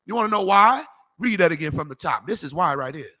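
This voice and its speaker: A man preaches in a loose, animated street style, driving each point home. His voice sits fairly high for a man and rings bright and forceful. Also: fast talker. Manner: animated, slangy, emphatic, calls for scripture readings. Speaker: street preacher teaching a class. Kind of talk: preaching lecture.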